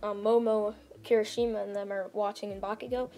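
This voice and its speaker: A woman's voice: medium pitch, steady tone, fairly quick, mellow. A woman casually retelling a fan-made story, rambling with lots of "like" and restarts.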